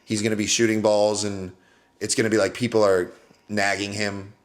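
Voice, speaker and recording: A man's voice: fairly low pitch, flat delivery, moderate pace. A man co-hosting a podcast, telling a rambling story in a casual chat, often laughing and restarting. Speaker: podcast co-host, comedian.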